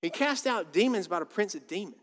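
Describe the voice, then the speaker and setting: A man's voice: sits high, lively intonation, brisk, a bit bright. A man preaching a sermon as a pastor, casual and conversational, often repeating his words. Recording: long reverb of a church hall.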